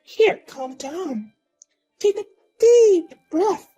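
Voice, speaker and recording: A woman's voice: extremely high pitch, lively intonation, very slow, mellow, highs cut off, heavily acted. A woman voicing a smug, boastful young woman who taunts and mocks in a sing-song way. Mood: smug taunting. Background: faint music.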